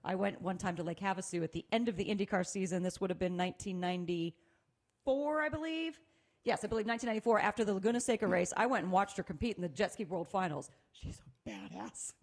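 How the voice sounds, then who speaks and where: A middle-aged woman co-hosting a casual chat, telling lively stories and laughing often. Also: mid-range voice, fast, creaky. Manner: animated storyteller, laughs often. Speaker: co-host.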